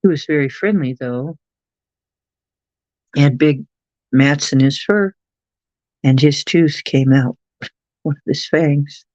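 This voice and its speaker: A slow, unhurried livestream host rambling through casual chat, reading out viewers' messages and cooing at pets. The sound is dry and close, with a dull, lo-fi mic. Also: medium pitch, no room sound. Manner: rambling, chatty, reads chat aloud; coos softly at pets.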